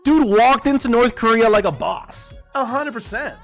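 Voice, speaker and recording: Over soft background music, a forex trader hosting a livestream delivers a heated, profane political rant and calls his viewers boys. His voice is very high-pitched and a bit bright, at a moderate pace.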